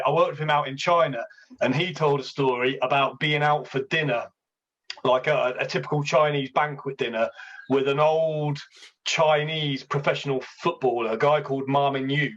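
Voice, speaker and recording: A man's voice: medium pitch, a bit bright. A man hosting a podcast, swearing freely as he tells travel stories in casual chat. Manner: swears freely, laughs, story-driven. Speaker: podcast host. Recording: dull lo-fi sound.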